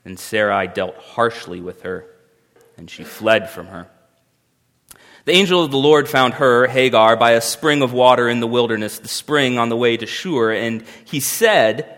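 Pastor preaching in a reverberant hall. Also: male voice, mid-range voice, measured pace, a bit bright. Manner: conversational and emphatic, with wry humor. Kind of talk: sermon.

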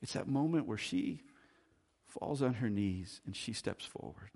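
A man preaches with a lowish, expressive voice carrying a breathy, husky edge, taking his time. He swings from pressing, loud emphasis to soft asides in classic pulpit style.

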